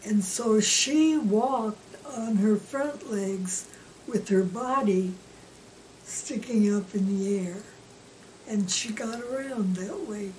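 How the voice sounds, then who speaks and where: A woman recalling preschool memories in an interview, slow and gentle. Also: mid-range voice. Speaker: former preschool worker. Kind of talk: interview storytelling. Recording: distant mic, faint room noise.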